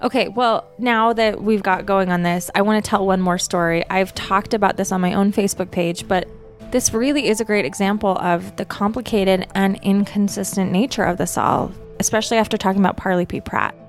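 A woman's voice: mid-range voice, fairly even intonation, a little fast, faint music behind. A woman hosting a podcast, introducing her guest and asking questions in an eager, conversational way. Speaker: podcast host. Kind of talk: podcast interview.

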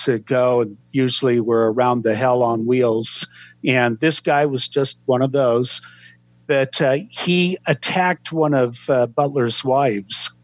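A man, a historian guest on a podcast, recounting events in a measured, unhurried way with frequent pauses. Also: medium pitch, dry recording. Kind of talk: podcast interview storytelling.

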